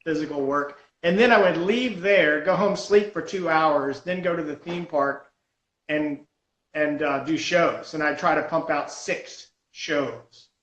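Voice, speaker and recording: A man, a stunt comedian, telling a story in a lively, self-mocking way on a podcast. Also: on the high side, measured pace, echoey room, dull audio. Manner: animated storyteller, laughs at himself. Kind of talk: casual storytelling on a podcast call.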